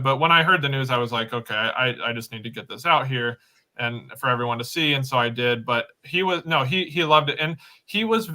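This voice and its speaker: A man in a casual interview, speaking haltingly with many restarts as he recalls showing a film to a friend. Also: on the high side, bright, forceful tone.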